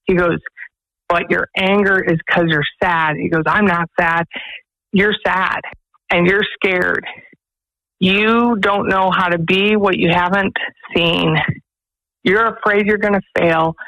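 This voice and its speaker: An earnest woman tells stories as a radio interview guest. She leads a faith-based pregnancy center and talks in an animated, storytelling way. The studio sound is dry and close. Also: fairly low pitch, no echo, dull audio. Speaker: executive director of a pregnancy resource center.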